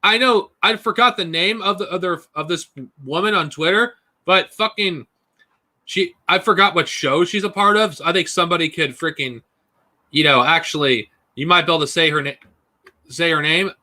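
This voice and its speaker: High bright-voiced man ranting angrily. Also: moderate pace. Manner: angry profane ranting, mocking put-on whines. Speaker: streamer. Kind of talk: ranting live stream talk.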